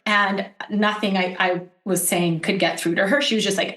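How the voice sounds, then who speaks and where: A woman's voice: medium pitch, moderate pace, few pauses, echoey room. A woman guest on a podcast, an intuitive healer telling stories in casual conversation and acting out what people said. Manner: animated storytelling, acts out quotes.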